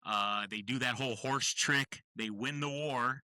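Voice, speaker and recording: A man's voice: medium pitch, unhurried, bright, forceful tone, dry recording. A man, casually retelling a movie plot on a podcast, rambling and saying "bro" a lot. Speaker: podcast co-host.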